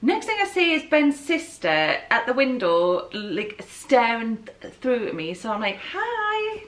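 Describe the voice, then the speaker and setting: A Geordie woman in her thirties, co-hosting a casual chat and telling an animated story with a lot of swearing. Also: a little high, a little slow, few pauses. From North East England. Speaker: co-host. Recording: echoey room.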